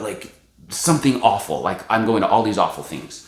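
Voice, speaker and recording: A man in his thirties, somewhat low-pitched, rattles through an excited story full of "like" fillers. He talks casually as a vlog host. The sound rings in a roomy, echoey space. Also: brisk. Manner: animated storytelling, lots of "like" fillers. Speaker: book channel host.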